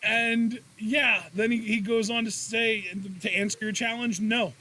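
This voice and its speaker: A man co-hosting a casual wrestling review podcast, excitable, laughing and swearing as he talks. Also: very high-pitched, unhurried. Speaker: podcast co-host.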